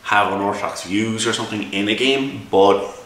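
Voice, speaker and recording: Here the same kind of casual review comes from an Irish man who reviews games and runs them as game master, recounting an exasperated, drawn-out story about a tabletop game with frequent restarts and repeated words. He speaks at a normal speed in a lowish, fairly bright voice, captured by a far-off mic in an echoey space.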